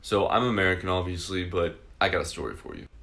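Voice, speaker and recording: A man from Oklahoma tells a short story to the camera and plays both sides of a conversation. His voice is low but bright and forceful, and he sounds incredulous. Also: fast, gravelly, slight background noise. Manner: incredulous, retells dialogue. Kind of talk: storytelling social media clip.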